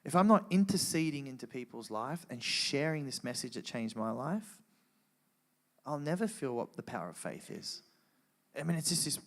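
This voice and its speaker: A man telling an emotional personal testimony to a live audience, earnest and animated, with frequent restarts. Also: mid-range voice. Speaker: guest speaker sharing testimony.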